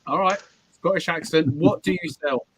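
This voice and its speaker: A man's voice: a little high, normal speed, fairly bright tone, a little hiss or hum. A man hosting a casual live-stream interview, putting questions to a guest in a playful, quiz-like way.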